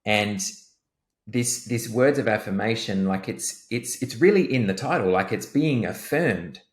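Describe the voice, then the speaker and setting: A man speaking as a coach on a podcast, thoughtful and halting, often repeating words while searching for them. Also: on the low side, expressive, roomy sound. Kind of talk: casual podcast chat.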